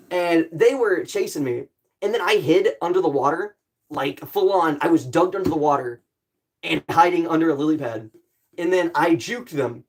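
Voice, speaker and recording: A young man chatting casually on a livestream, rambling and playful, full of "like" fillers. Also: fairly high pitch. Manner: rambling and playful, many "like" fillers, quick bursts. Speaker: streamer.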